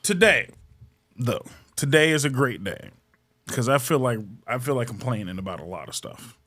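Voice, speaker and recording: On his comedy podcast, a male host with a medium-pitched, bright-toned voice talks at normal speed in an animated way. The chat is loose and casual, full of swearing, jokes, and rants.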